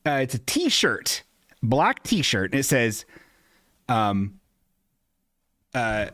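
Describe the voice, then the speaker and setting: A man's voice: medium pitch, sing-song, extremely slow, a bit bright, dry recording, clean studio sound. A man hosting a casual solo podcast, rambling and self-deprecating and swearing freely. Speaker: podcast host. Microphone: desk microphone.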